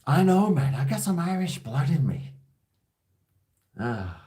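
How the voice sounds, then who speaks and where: A man's voice: a little high, sing-song, a little slow, warm tone. An Australian man hosting a casual call-in chat, blunt and rambling, with plenty of swearing. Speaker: host.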